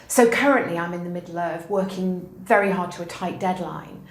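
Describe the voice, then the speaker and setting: A woman's voice: lowish voice, fairly quick. A middle-aged woman, a university educator, answering interview questions in an emphatic, encouraging way and telling anecdotes. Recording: echoey room.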